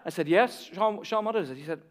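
High-voiced pastor preaching in a reverberant hall. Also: male voice, fairly quick. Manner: expressive, swings between soft asides and emphatic peaks. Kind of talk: sermon. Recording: long reverb of a large hall.

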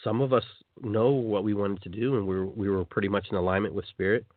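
Male radio host, animated spiritual monologue; phone-line quality, dry and close. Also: on the low side, quick pace, dry recording. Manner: animated, acts out quoted voices.

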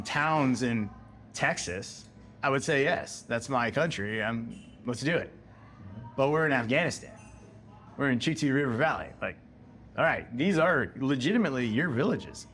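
A man's voice: mid-range voice, lively intonation, normal speed, a bit bright, a little hiss or hum. A middle-aged American man telling a story from his own war experience in a casual conversational way, acting out what he and others said at the time. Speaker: guest, military veteran.

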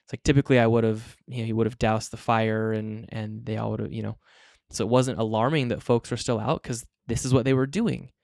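A man hosting a podcast, talking in a relaxed, hesitant way with many fillers. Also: fairly low pitch, brisk, vocal fry, few pauses, dry recording, clean studio sound. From Utah. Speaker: podcast host. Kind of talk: casual podcast conversation.

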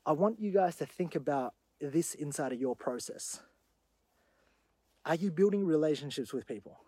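A man hosting his own show, telling a story in an animated monologue that grows loud when he retells the confrontation. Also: a little high, normal speed, no echo. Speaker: podcast host.

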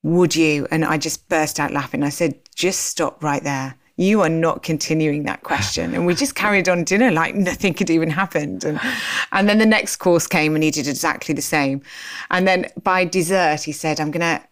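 A woman guest in an interview, telling a personal story in a lively way and acting out remembered dialogue. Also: low-pitched, moderate pace. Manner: animated, acts out remembered dialogue.

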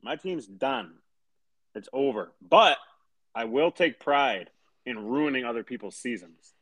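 A man's voice: medium pitch, lively intonation, measured pace, a bit bright, no echo. A man co-hosting a casual podcast, laid-back and wisecracking with some swearing. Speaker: podcast co-host.

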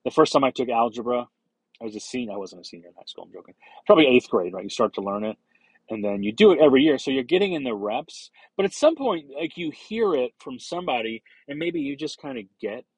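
A man's voice: medium pitch, expressive, quick pace, darkish tone, slightly rough, dry recording, rough recording. A man hosting a solo podcast, talking casually in a rambling way with many fillers, restarts and casual swearing. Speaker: podcast host.

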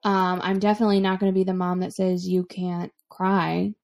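A woman's voice: on the low side, normal speed, vocal fry. A young woman co-hosting a casual podcast about parenting, chatting and laughing easily. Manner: relaxed, chatty, laughs often. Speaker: podcast co-host, mother. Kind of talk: casual chat.

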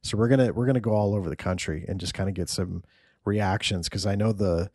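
A man's voice: low voice, quick pace, darkish tone. A man hosting a casual podcast, talking loosely, swearing and laughing often. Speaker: podcast host.

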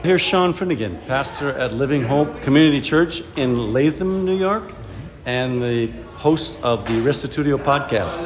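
A man's voice: medium pitch, expressive, moderate pace, over music. A man going around a camp doing casual on-the-spot interviews, upbeat and joking. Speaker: event reporter interviewing attendees. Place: outdoor camp.

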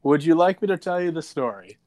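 A man's voice: on the high side, a little fast. Young guy on a podcast, voice jumping all over, swears a lot, big dramatic storyteller. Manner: animated, profane, dramatic storytelling. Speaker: podcast co-host. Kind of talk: casual chat, storytelling.

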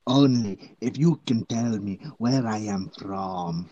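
A New man doing a made-up guy from East Jersey who mangles his English. He insists on his hometown in a flat, deadpan way. He grows louder and more exasperated each time he is misheard. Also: lowish voice, slow pace, no room sound, muffled recording, pitched below the performer's own voice. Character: self-declared East Jersey man, broken English, touchy.

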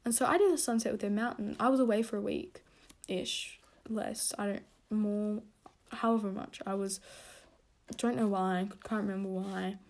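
A young woman hosting a casual podcast rant, rambling with many fillers and self-corrections, getting animated as she tells a story. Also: moderate pace. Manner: animated storytelling, pitch jumping when excited. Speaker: podcast host.

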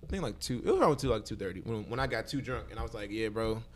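A man telling a story in casual chat, profane and laughing, with his pitch swinging. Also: very animated, very fast.

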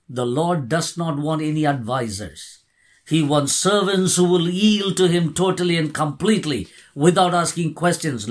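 A man preaching a sermon, earnest and emphatic, repeating key words. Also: high voice. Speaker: pastor.

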